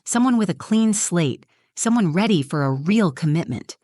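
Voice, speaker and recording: A woman's voice: fairly low pitch, animated, moderate pace, warm tone, no room sound, studio quality. Smug, patronizing bride-to-be voiced by a woman narrator. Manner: preachy, patronizing.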